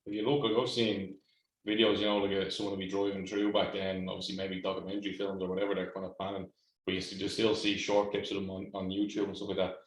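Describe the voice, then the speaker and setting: A man's voice: low-pitched, little pitch movement, fast, echoey room, poor audio. A man hosting a podcast, chatting casually with lots of "like" and "you know". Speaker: podcast host. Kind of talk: casual conversational interview.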